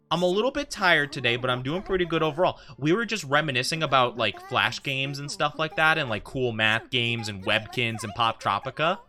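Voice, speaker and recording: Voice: mid-range voice, bright, forceful tone. A VTuber streamer in rambling casual chat with viewers during a game stream.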